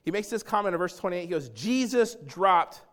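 A man preaching a sermon as pastor, emphatic and dramatic, swinging between loud stretches and hushed ones and talking straight to his congregation. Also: sits high, fairly even intonation, rapid-fire. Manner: acts out quoted speech and addresses the congregation directly.

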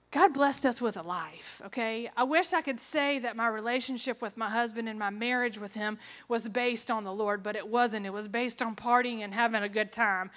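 A woman's voice: fairly high pitch, fairly bright tone. A woman giving an earnest personal testimony, telling her story with quoted asides in an echoey hall.

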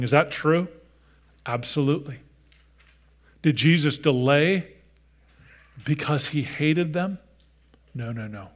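A man's voice: fairly high pitch, unhurried, long pauses. Earnest male pastor preaching a sermon. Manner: earnest, shifts between loud emphasis and hushed softness; addresses children in the congregation directly.

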